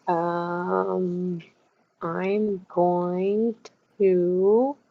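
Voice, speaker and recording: A woman's voice: on the low side, little pitch movement, extremely slow, creaky, narrow, tinny audio. A woman playing a tabletop game, casual and hesitant. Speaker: player.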